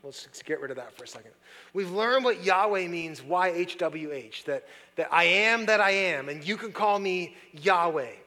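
A man preaching a sermon as pastor, talking conversationally and swinging between hushed, soft passages and loud, excited ones. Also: on the high side, moderate pace, hardly any pauses. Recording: long reverb of a large hall.

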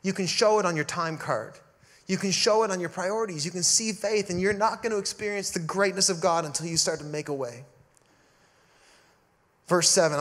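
Male pastor, high voice, sermon delivery, punchy emphasis with soft drops. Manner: emphatic preaching, swelling and dropping to a hush.

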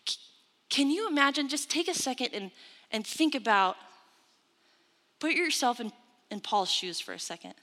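A woman's voice: high voice, animated, normal speed, long pauses, pushed and bright. A woman preaching a sermon, retelling scripture with emphatic storytelling and quoted asides. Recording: long hall reverb.

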